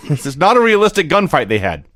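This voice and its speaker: A man's voice: on the high side, huge pitch swings, a little fast, a bit bright, no echo. A man co-hosting a podcast in casual chat, recapping things with dry, sarcastic humor. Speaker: podcast co-host.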